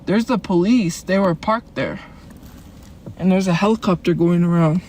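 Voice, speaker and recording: A woman livestreaming from inside a car, chatting in a rambling, defensive way and answering her chat with quick laughs. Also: lowish voice, darkish tone, a little hiss or hum.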